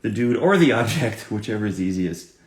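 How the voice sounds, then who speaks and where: A man's voice: fairly low pitch, animated, fairly quick, reverberant. A male voice actor chatting casually while signing autographs, joking about his own drawing. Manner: self-deprecating, chats while drawing and writing. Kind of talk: live autograph-signing chat.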